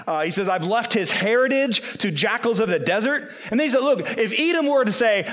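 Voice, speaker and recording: A man preaching a sermon, earnest and emphatic, slowing down to quote scripture. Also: high-pitched, lively intonation, a bit bright.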